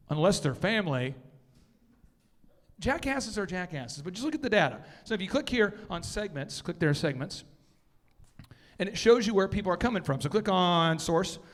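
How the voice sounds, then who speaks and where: Energetic man coaching in an echoey hall. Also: high voice, brisk. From Minnesota. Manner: energetic, joking, blunt. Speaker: business coach. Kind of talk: animated seminar talk.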